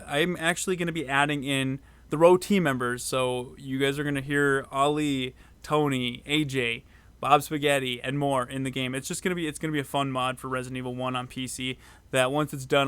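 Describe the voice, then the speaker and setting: A man co-hosting a casual podcast, chatting loosely with many fillers and quick bursts of excitement. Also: medium pitch, clean tone, no echo. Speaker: podcast co-host, mod maker.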